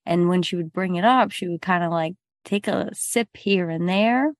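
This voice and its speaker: A woman's voice: lowish voice, normal speed, no echo, clean studio sound. A woman co-hosting a podcast, telling a saint's life story in a casual, joking way with some swearing. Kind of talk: casual comedic podcast chat.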